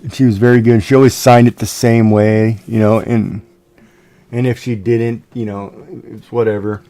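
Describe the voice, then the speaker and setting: A man's voice: on the low side, flat delivery, moderate pace, dark tone. A middle-aged man hosting a livestream from home, chatting casually and rambling with lots of fillers and restarts. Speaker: livestream host. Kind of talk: casual chat.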